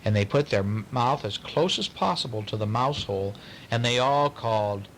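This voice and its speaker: A man reading a bedtime story aloud to a child, pausing to ask questions in a playful way. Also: mid-range voice, expressive, a bit bright, slight background noise, rough recording.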